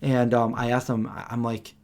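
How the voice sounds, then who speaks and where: A man's voice: medium pitch, level tone, normal speed, darkish tone. Rambling man on a late-night stream. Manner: rambling, searching for names, hums tunes. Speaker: host of a live stream. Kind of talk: casual chat. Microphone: desk microphone.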